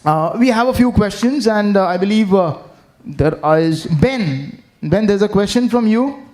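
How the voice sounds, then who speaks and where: A man's voice: high voice, measured pace. A man, a tour manager, telling a funny story at a farewell event, laughing often and acting out the dialogue. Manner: laughing, animated anecdote-telling with acted-out dialogue. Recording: online webinar audio.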